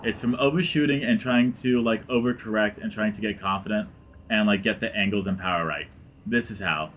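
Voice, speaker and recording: A man's voice: lowish voice, a little fast, a bit bright, slight background noise. Rambling man narrating gameplay. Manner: rambling, heavy use of like, dips into mutters. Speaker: let's play gamer. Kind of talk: casual gameplay commentary.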